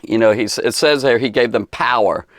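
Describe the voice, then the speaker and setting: A man's voice: mid-range voice, brisk, a bit bright, no room sound, studio quality. A man giving a casual Bible lesson for kids, rambling and conversational with many fillers and restarts. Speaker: Bible teacher.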